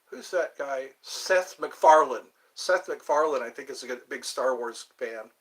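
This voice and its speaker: A man's voice: medium pitch, unhurried, few pauses. A man hosting a casual livestream chat, rambling and thinking aloud as he digresses from one topic to the next. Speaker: host.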